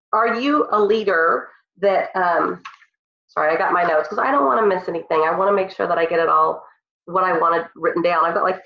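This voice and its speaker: A woman with a cold, leading her team on a call in an earnest, emotional, motivational way. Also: fairly low pitch. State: congested from a cold. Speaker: team leader speaking on a call. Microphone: phone or computer on a call. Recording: roomy, dull lo-fi call audio.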